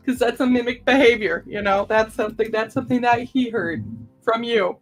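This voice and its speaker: A woman's voice: a little high, brisk, faint music behind. A woman streamer chatting casually and rambling to her viewers. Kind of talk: casual live-stream chat.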